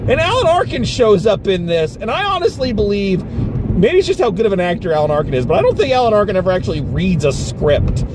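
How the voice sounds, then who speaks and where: Animated, exasperated man ranting from a car. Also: high-pitched, fast, background noise. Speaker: film reviewer. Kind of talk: casual spoken movie review. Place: inside a car.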